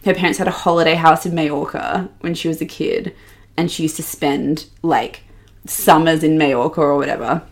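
A young woman co-hosting a podcast, gossiping in a casual, animated, sweary way and mimicking the people she talks about. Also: low voice, moderate pace, vocal fry. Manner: animated, sweary, mocking quoted voices. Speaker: podcast co-host.

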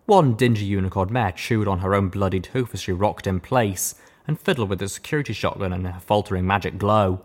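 A man narrating an audiobook in an expressive storytelling manner. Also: fairly low pitch, fairly quick.

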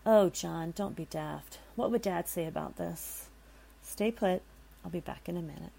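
Woman reading as a calm, joking young man. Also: on the low side, measured pace, gravelly, slight background noise. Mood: calm teasing.

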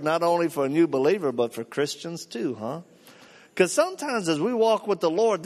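Older preacher man in an echoing hall. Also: high-pitched. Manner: animated, acts out dialogue in his stories. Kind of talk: live sermon storytelling. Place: large hall before a live audience. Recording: long reverb of a live hall.

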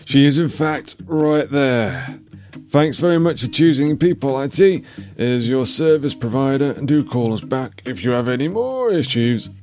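A man's voice: mid-range voice, lively intonation, a little slow, darkish tone, voice pushed up, close to an everyday voice. A man voicing a chirpy stray businessman who talks in scripted customer-service phrases. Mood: chipper.

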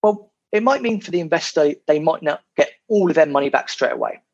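On the high side and gravelly, this man's voice is animated and brisk as he guests on a podcast discussing property. He swears now and then and repeats words during the casual interview chat. The recording is dull and lo-fi.

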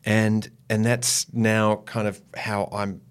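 Reflective man, low voice. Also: level tone, smooth. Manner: reflective, unhurried, slows for emphasis. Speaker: podcast guest, actor. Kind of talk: casual chat.

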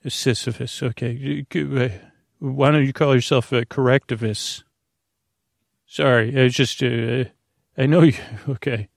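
Guy doing a rambly bedtime podcast bit, lots of ums and restarts, kinda gravelly, dry sound. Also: mid-range voice, fairly even intonation, a little slow, no echo. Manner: meandering, full of filler words and restarts; silly, speaking to an imaginary listener. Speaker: podcast host.

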